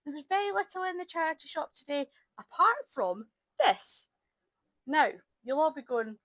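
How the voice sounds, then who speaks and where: A middle-aged woman chats to camera from home, her voice sitting a little high. She rambles warmly through her crafting with plenty of ums and restarts, sounding a touch tired. The sound is dry and close, with no room echo. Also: very animated, normal speed. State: low on energy. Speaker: crafting vlogger. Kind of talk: casual chat to camera. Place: at home by an ironing board.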